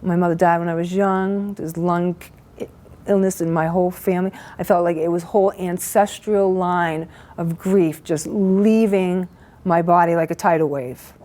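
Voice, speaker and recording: A woman giving an emotional personal testimony about an event she attended. She talks in a halting, earnest way, full of restarts, and her voice is shaky with emotion. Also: fairly low pitch, fairly even intonation, dark tone.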